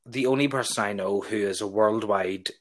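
Fermanagh-accented co-host, mid-pitched voice, dry teasing humour, relaxed chat. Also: moderate pace. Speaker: podcast co-host. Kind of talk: casual chat.

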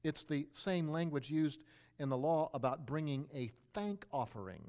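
A male pastor giving a sermon, explaining with everyday examples and rhetorical questions, shifting his pitch and pace for emphasis. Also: lively intonation, moderate pace, a little mellow.

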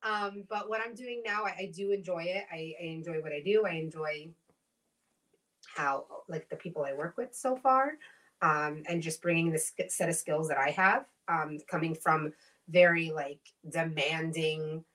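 Animated woman telling work stories. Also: low voice, normal speed, far from the mic. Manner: animated storytelling, acts out quoted voices, swears freely. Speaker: podcast co-host. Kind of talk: casual chat.

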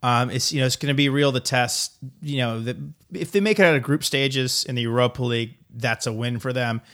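A man's voice: mid-range voice, fairly quick, a bit bright. A man co-hosting a casual sports podcast, joking and rambling with lots of fillers. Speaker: podcast co-host.

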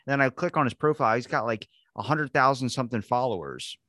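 A man hosting a podcast, telling stories in a rambling, animated, profane way in casual chat. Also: medium pitch, fast talker, no echo, clean studio sound. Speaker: podcast host.

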